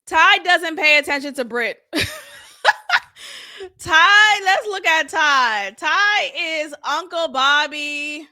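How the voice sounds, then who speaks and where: A young adult woman hosting a casual, animated recap of a reality show, acting out quotes and laughing often. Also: high-pitched, takes it slowly.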